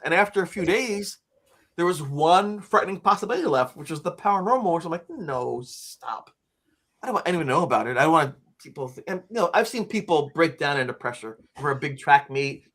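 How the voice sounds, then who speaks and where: A man of about sixty, a guest on an interview show, telling a personal story in a lively way and acting out the quotes. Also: a little high. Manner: lively, acts out quotes and screams, frequent "like" fillers. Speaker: interview guest, author and teacher.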